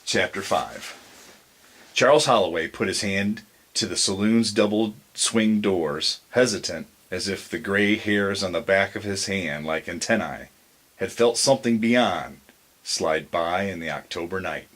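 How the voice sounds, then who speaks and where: Slow, low-voiced male story narrator. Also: a bit bright. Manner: measured, deliberate storytelling. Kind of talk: bedtime story reading.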